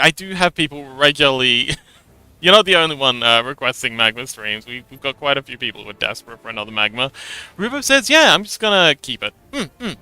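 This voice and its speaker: A man's voice: high-pitched, bright, forceful tone, clean tone, no room sound. A man streaming live, chatting casually with viewers and reading chat aloud, with frequent stammered restarts and giggles.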